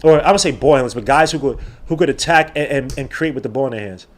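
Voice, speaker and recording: A man hosting a live sports podcast, talking in an animated, rambling way with exclamations and repeated words. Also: mid-range voice, fast talker. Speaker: podcast host. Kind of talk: live-stream sports talk.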